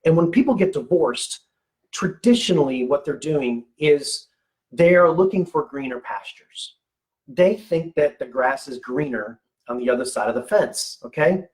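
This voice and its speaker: A man's voice: on the high side, measured pace, a little mellow, rough recording. A man in his forties giving a casual motivational talk for medical practice owners, conversational, restarting words and often checking in with "okay?".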